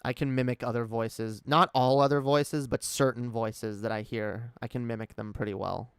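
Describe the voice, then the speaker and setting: Candid, rambling man with a smooth voice. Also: medium pitch, steady tone, moderate pace, no echo, studio quality. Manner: rambling, many fillers and restarts, candid. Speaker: streamer. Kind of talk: casual personal chat.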